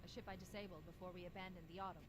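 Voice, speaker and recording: A woman voicing a calm female AI who guides a soldier, in a cool, precise way, heard as quiet game audio under a stream. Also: on the low side, very fast, husky, no echo. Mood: urgent.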